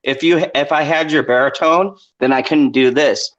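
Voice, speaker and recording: A man's voice: fairly high pitch, moderate pace, a bit bright, lo-fi sound. A man from New York City bantering and mock-grumbling in casual livestream chat. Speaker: stream co-host.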